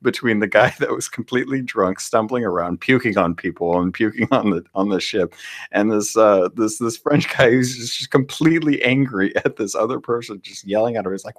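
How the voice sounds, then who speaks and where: Deep-voiced rambling podcast man. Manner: rambling, halting storyteller. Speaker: podcast co-host. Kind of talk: casual podcast storytelling.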